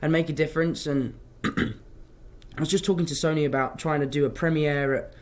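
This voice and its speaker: Young man, rambling chatty Q&A answers, slightly raised pitch. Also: fairly even intonation, moderate pace. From London, England. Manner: rambling, chatty storytelling, drifts off topic. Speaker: actor answering fan questions. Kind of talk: casual livestream Q&A.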